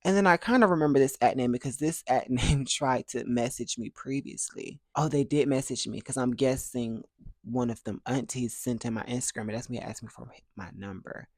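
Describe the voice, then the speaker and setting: A young man tells a personal storytime for his vlog. He is lively and jumps into playful voices for the people in his story. He is recorded close to the mic in a dry room with no echo. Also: medium pitch, fairly quick. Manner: animated, acts out other people's dialogue in playful voices. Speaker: vlogger.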